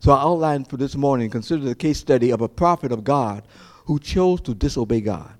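Male pastor, mellow sound, mid pitch, loose conversational sermon delivery. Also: fairly quick. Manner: conversational preaching with many restarts and acted-out asides.

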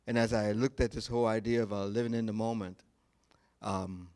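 A male pastor preaching a sermon, telling a story in a slow, deliberate way with pauses. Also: lowish voice, steady tone, darkish tone.

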